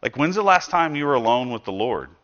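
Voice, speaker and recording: A man preaching a sermon as pastor, conversational, asking the listeners rhetorical questions and acting out quoted speech with bursts of loudness. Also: medium pitch, very animated, a little fast. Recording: dull lo-fi recording.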